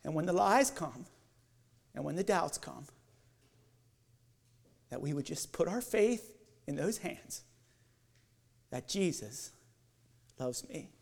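A man giving an evening sermon as a lay preacher, leading listeners through guided imagery that builds and then softens. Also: on the high side, expressive, takes it slowly, gravelly, long pauses. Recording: long church hall reverb.

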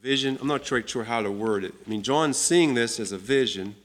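A man leads a Bible study in a voice of ordinary, middling pitch. He talks at an unhurried pace and lifts his voice when he reads scripture aloud. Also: fairly bright tone. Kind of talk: Bible teaching talk.

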